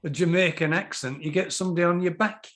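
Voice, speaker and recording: A man's voice: high-pitched, steady tone, quick pace, a bit bright. A man from northern England hosting an online folk club session, teasing the performers with dry jokes over a video call. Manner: joking, teasing, dry humour. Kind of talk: casual banter on a video call.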